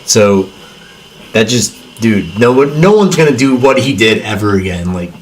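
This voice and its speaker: A man's voice: fairly low pitch, animated, normal speed, a little hiss or hum. A young man hosting a casual movie watchalong stream, stammering and repeating his words and saying "dude" a lot. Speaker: livestream host.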